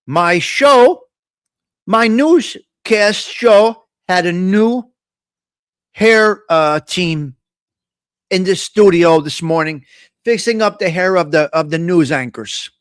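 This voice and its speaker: A middle-aged man with a New York-area accent hosts a live morning chat stream in a high-pitched voice, rambling through crude, joking banter. The sound is close and dry. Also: lively intonation, slow, fairly bright tone, smooth, no echo. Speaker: host of a live morning talk show.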